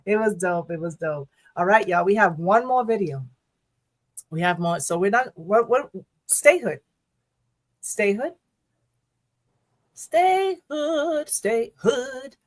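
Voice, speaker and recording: Animated laughing woman podcast co-host. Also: fairly low pitch, moderate pace. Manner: animated, laughs often, repeats phrases. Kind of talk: casual chat.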